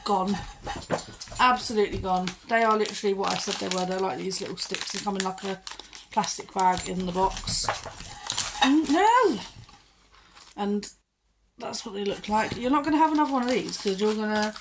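Casual woman vlogger, mid-range voice, talks through a pet unboxing and gives her dog quick commands, noisy phone audio. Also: medium pitch, fairly even intonation. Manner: chatty, reads ingredient lists aloud and gives her dog short commands. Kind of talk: casual chat while training her dog.

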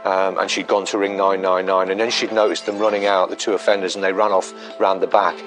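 Low-voiced detective, halting. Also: male voice, level tone, a bit bright, soft background music. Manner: measured, hesitant with many fillers. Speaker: police detective. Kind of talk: documentary interview.

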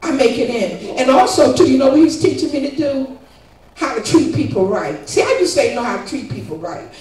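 A high-voiced older woman gives a fervent church testimony, pressing her point and asking her listeners "guess what" again and again. She is picked up from far off in a very echoey church, with faint music underneath. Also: expressive, a little fast, a little mellow. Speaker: congregant giving testimony. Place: church sanctuary. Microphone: distant room mic.

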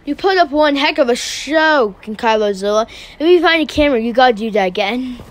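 A woman's voice: sits high, animated, fairly quick. Woman playing a wry young survivor.

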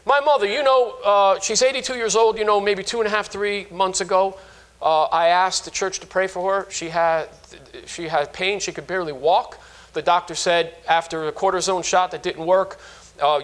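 Brief: high-pitched man in his fifties, a pastor delivering a sermon, animated, stops and restarts as he tells stories. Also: moderate pace. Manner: animated storytelling with frequent restarts.

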